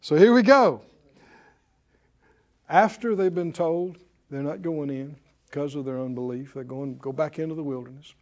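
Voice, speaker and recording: A middle-aged man preaching a sermon, calling out to his congregation and swinging between loud declarations and quiet asides. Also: fairly high pitch, normal speed, long pauses. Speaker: pastor.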